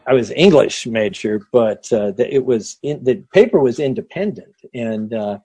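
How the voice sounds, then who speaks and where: Middle-aged male guest, former tv host, husky and dry sounding, rambles with lots of restarts. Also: medium pitch, animated, normal speed, warm tone, no room sound, faint music behind. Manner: rambling, many restarts, acts out voices in his stories. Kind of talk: casual anecdotal storytelling.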